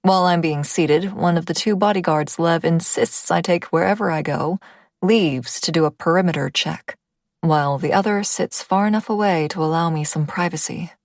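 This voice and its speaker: A woman's voice: lowish voice, normal speed, dry recording, studio quality. A woman reading a first-person audiobook, intimate in tone and dropping to a whisper at tense moments. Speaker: audiobook narrator.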